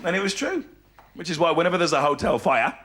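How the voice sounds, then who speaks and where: Male stand-up in his thirties with a Birmingham accent, animated storyteller, higher voice, loud crowd laughter on a theatre stage. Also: racing, heavy background noise. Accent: Birmingham English. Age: 30s. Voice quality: animated, switches into character voices. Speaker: stand-up comedian. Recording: loud audience laughter over live stage mic.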